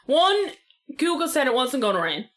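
A woman's voice: high-pitched, big pitch swings, normal speed, a bit bright. A young woman with a Dublin Irish accent, co-hosting a podcast in casual chat, swearing freely and full of "like" fillers. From Ireland. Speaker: podcast co-host.

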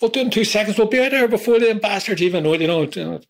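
A man putting on the voice of a cheeky, excitable male rogue from Liverpool, boastful and eager. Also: sits high, fast talker, voice pushed up.

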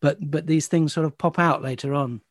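A man's voice: on the high side, fairly even intonation, fairly quick, no echo, studio quality. A man hosting an interview, asking thoughtful, hesitant questions. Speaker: host. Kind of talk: interview conversation.

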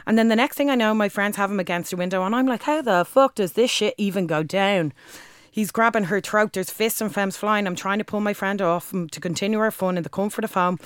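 A woman with a Dublin accent performs a rhythmic spoken-word poem with forceful, crude language. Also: medium pitch, a little fast, clear, resonant tone, no echo, clean studio sound. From Ireland. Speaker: guest, spoken word artist.

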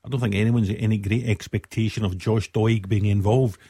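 A man giving measured, explanatory football analysis in a studio discussion. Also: fairly low pitch, steady tone, mellow, husky, no room sound. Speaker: football pundit.

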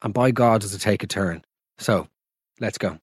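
A man hosting a comedy podcast, talking in an animated, sweary, mock-dramatic way. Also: on the low side, moderate pace, breathy edge, no echo, clean studio sound. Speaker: podcast host.

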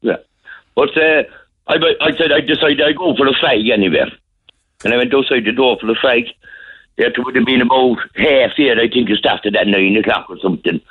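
A man's voice: medium pitch, a little fast, slightly rough. A man with a Cork accent calling a radio show, telling a rambling story. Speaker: caller. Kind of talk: casual phone-in chat. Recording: tinny phone line.

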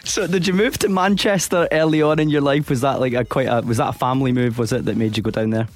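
A man's voice: medium pitch, steady tone, quick pace. Playful male radio host. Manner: playful, teasing questions. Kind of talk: casual radio interview. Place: radio studio.

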